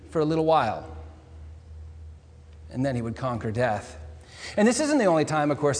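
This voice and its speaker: A man's voice: fairly high pitch, long reverb tail. A male pastor giving an earnest, explanatory sermon that quotes scripture.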